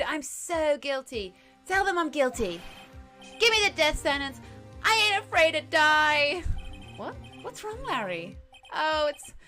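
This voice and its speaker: A woman's voice: high-pitched, full character voice. A woman voicing a hysterical young man who wails melodramatically over his lost girlfriend, with game music behind. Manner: loud, melodramatic wailing.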